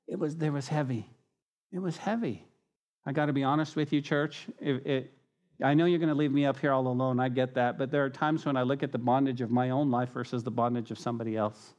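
Male senior pastor, mid-pitched voice, casual and animated sermon delivery. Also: fast. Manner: lively, conversational preaching with animated asides. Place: church sanctuary.

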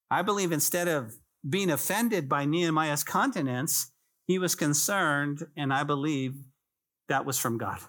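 Pastor with a slightly high voice, casual sermon. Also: male voice, fairly bright tone. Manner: conversational preaching, addresses listeners as "guys", repeats phrases for emphasis.

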